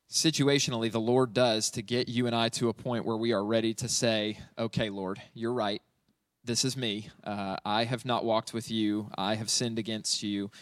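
A pastor's mid-range, fairly bright voice comes through a distant recording without echo. He preaches a psalm verse by verse in a chatty way, with plenty of fillers and a habit of asking "right?" between points.

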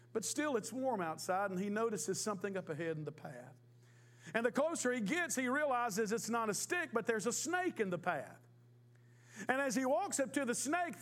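A man's voice: sits high, fairly bright tone. A man in his fifties, a pastor, preaching a sermon in a folksy storytelling way with emphatic repetition. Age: 50s.

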